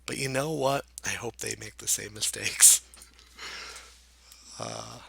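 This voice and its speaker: Gravelly, husky man musing over a game. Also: lowish voice, slow, pushed and bright, no room sound. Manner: musing, self-deprecating, thinks aloud with frequent hesitations. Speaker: gameplay commentator. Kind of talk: casual let's-play commentary.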